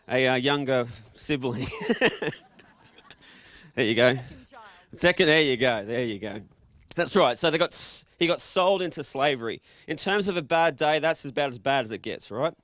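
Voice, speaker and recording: A man's voice: a little high, moderate pace, fairly bright tone. Joking Australian man preaching. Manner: joking, casual, quizzes the audience. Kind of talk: interactive sermon to a live congregation.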